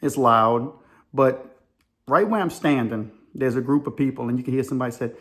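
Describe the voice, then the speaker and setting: A man's voice: medium pitch, normal speed, fairly bright tone. A man telling a casual, rambling story in colloquial talk. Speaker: vlogger.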